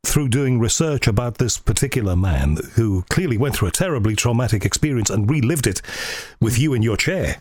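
A man's voice: medium pitch, lively intonation, brisk, darkish tone, slight background noise. A man hosting an interview, asking long, careful questions. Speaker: interviewer, host.

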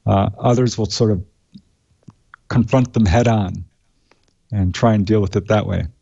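A man being interviewed as an author, recounting the cases he researched in a steady, matter-of-fact way with many "uh" fillers. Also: lowish voice, measured pace, vocal fry, dull audio. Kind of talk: conversational interview.

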